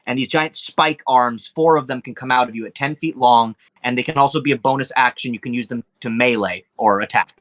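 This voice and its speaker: A man's voice: mid-range voice, a little fast, hardly any pauses, a bit bright. A man as dungeon master, recapping the last session for his players in a loose, casual way, full of ums and swearing. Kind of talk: recapping a tabletop game for players.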